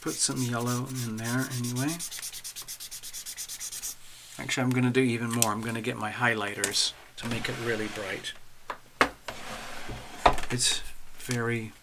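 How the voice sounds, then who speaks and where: A man's voice: mid-range voice, little pitch movement, measured pace, pauses often, very noisy. A man hosting a casual astrology livestream, chatting animatedly to viewers while drawing charts.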